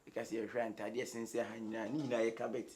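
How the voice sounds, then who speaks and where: A man's voice: mid-range voice, level tone, fairly quick, crowd noise, lightly acted. An actor with a Ghanaian accent playing a teasing, playful young husband in a comedy skit, coaxing and laughing as he talks. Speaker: comic actor.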